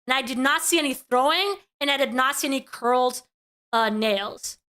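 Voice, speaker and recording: A woman streamer giving live reaction commentary, animated and quick to repeat herself when she gets worked up. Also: high-pitched, clean tone.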